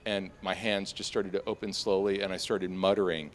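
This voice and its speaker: A man's voice: normal speed, hardly any pauses, a little hiss or hum. Man telling a story on stage. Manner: animated, conversational, leans on "like", jumps to high pitch for panicked quotes. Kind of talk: live storytelling. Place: live stage.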